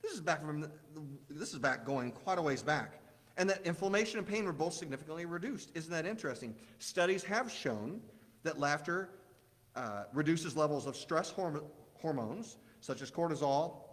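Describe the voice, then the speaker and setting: A man's voice: a little high, a bit bright, big-room sound. A man preaching a conversational sermon to a congregation in a church, often asking them questions.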